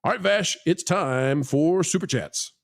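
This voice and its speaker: A man hosts a casual live online panel show in a fairly high voice, speaking a little slowly. Between plugs and donation readouts he jokes and teases his co-hosts, rambling with plenty of fillers.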